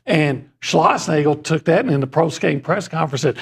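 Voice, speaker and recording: A man's voice: a little high, normal speed, hardly any pauses, slightly rough. A man who is a regular on a sports talk show, telling stories with wry jokes.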